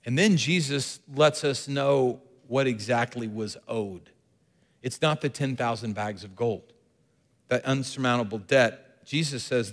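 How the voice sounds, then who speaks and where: A man's voice: medium pitch, a little slow, in a large hall. A man preaching a sermon as pastor, earnest and repeating key phrases for emphasis.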